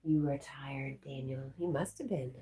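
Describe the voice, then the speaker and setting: A woman's voice: extremely low pitch, steady tone, measured pace, dark tone, slightly rough. A woman hosting a casual livestream, reading viewers' comments aloud and chatting with her dog, laughing often. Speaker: livestream host reading chat.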